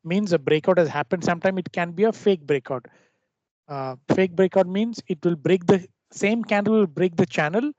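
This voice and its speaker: A man with a fairly high voice walks through a trading lesson, stopping and restarting his sentences as he explains. The recording sounds dull and lo-fi, dry with no room around it. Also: a little mellow, no room sound. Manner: halting explanations with frequent restarts. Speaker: trading teacher. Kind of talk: screen-share trading lesson.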